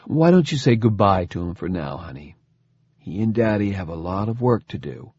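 Casting: calm, faintly mocking scientist father, husky, voiced by a male narrator, audiobook. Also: lowish voice, normal speed, no room sound, highs cut off. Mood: gentle, explaining. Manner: dry, smooth, faintly mocking.

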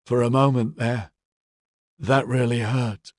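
A man voicing a gruff older police sergeant who is badly hurt, speaking in a strained, pained way. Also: medium pitch, steady tone, slow pace, darkish tone, dry recording, clean studio sound, voice pushed up, natural voice. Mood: dazed, pained.

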